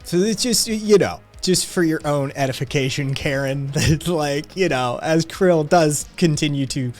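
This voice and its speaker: A man narrating a tabletop game as game master, relaxed, with lots of fillers and laughs. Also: fairly high pitch, normal speed, soft background music.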